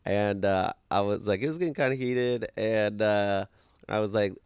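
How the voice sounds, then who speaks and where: A man hosting a casual comedy podcast, reacting with quick quips and bursting into laughter. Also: on the low side, darkish tone, clear, resonant tone, no room sound. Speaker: podcast host. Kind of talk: casual interview chat.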